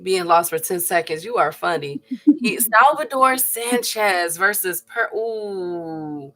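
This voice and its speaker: A woman with a bright, forward voice talks boxing in an unhurried, hesitant way, thinking aloud between her points. She takes her time, pausing often to search for names. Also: on the low side, lively intonation. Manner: slow and musing, many hesitations. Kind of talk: casual live stream banter.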